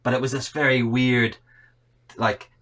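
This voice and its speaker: A South African man in his thirties, whose accent blends South African with Northern Irish, is a podcast guest in a casual chat over a remote call, telling rambling, self-deprecating stories. His voice is medium-pitched, level, unhurried, and a bit bright.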